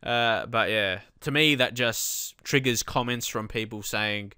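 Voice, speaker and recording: A man commentating on his own football management game, calmly explaining tactics and then shouting when goals go in. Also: mid-range voice, unhurried, hardly any pauses, smooth, no echo, clean studio sound. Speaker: let's play host.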